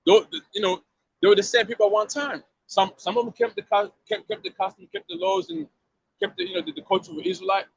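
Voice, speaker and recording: A man's voice: sits high, expressive, fast talker, gravelly, slightly rough, no room sound, dull audio. A man street preaching outdoors to a passer-by, emphatic and slangy, often repeating himself and asking if you see what he means.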